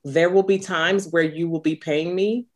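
A woman in her thirties, a coach, talking in an interview in an earnest, unhurried way with conviction. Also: on the low side, steady tone. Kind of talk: podcast interview, reflective.

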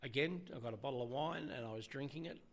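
Halting middle-aged Australian man. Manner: halting, restarts often, voice drops low when quoting others. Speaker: interview guest, former police officer. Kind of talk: candid personal storytelling.

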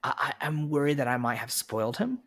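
A man speaks as a podcast guest in an easy conversational tone. His pitch jumps around a lot as he tells playful stories. He sounds animated throughout. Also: brisk.

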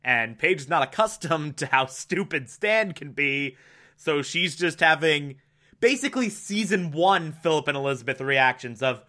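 A man's voice: fairly high pitch, animated, moderate pace, bright, forceful tone. A man giving a casual, chatty recap of a TV episode, laughing often and using lots of fillers. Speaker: podcast host.

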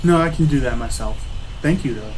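A man's voice: mid-range voice, fairly quick, a little hiss or hum, close to an everyday voice, rough recording. A man voicing a friendly, easygoing talking rope in a tabletop game, speaking mildly and cheerfully.

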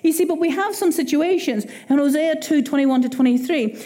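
A woman with an Irish accent preaching a sermon in a lively, conversational way, acting out little quoted exchanges. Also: high voice, brisk.

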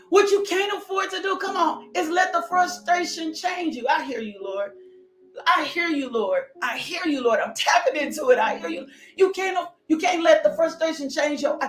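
A woman preaching a passionate sermon, shouting, laughing and close to tears as she talks. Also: high voice. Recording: echoey room with faint music.

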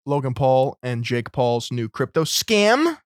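A man co-hosting a casual podcast, blunt and crude with deadpan jokes. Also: medium pitch, slow pace, dry recording, studio quality. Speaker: podcast co-host.

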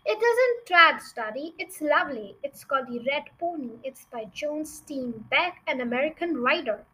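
A woman reading the lines of a calm, bookish little girl in a storybook, polite and earnest in her pleading. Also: high-pitched, moderate pace, poor audio. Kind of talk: audiobook character reading.

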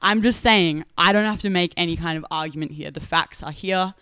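Animated Australian woman telling a story. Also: on the low side, a little fast, smooth, no echo, clean studio sound. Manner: animated, laughing, acts out quotes. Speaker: podcast co-host. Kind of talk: casual storytelling chat.

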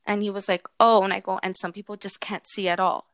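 A woman hosts a casual podcast chat, telling lively stories and slipping into quoted voices. Her voice sits mid-range and sounds close and dry, with no room around it. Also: mid-range voice, fast, no echo. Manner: animated storyteller, acts out dialogue with her son. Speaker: podcast host.

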